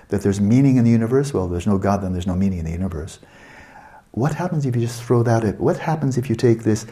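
A man's voice: lowish voice, dark tone. A man giving a spoken lecture as a meditation teacher, posing rhetorical questions with emphasis.

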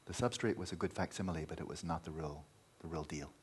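A man's voice: rumbling low, fast, a little hiss or hum. A man teaching meditation in a dharma talk, emphatic, repeating key words and at times dropping to a near-whisper.

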